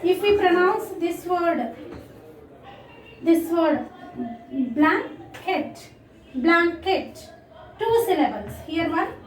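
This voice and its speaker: A schoolteacher with an Indian accent talks a class of children through a lesson, high in pitch and unhurried. She keeps repeating words and stops often to call the class "children." Her voice is recorded from a distance in an echoey room, with faint noise underneath. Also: lively intonation. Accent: Indian English. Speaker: school teacher. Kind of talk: online English lesson.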